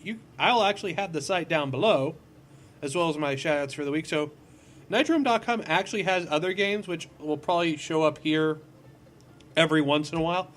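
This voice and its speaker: A slightly fast, fairly bright male voice on the high side belongs to a gaming video host. He rambles and clowns through a puzzle platformer in a casual let's-play, poking fun at himself.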